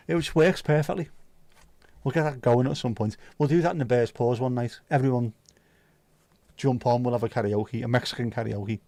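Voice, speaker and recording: A man's voice: mid-range voice, fairly quick, mellow, dry recording. A man hosting a casual livestream, chatting loosely, reading out viewer comments and joking around with plenty of swearing. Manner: rambling, jokey, swears freely. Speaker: livestream host.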